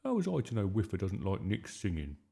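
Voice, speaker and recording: A man's voice: sits low, huge pitch swings, brisk, vocal fry, mellow, husky, heavily acted. A man reading aloud and voicing a mischievous young schoolboy who pleads and explains himself. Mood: stammering. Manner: pleading, stammering when in trouble.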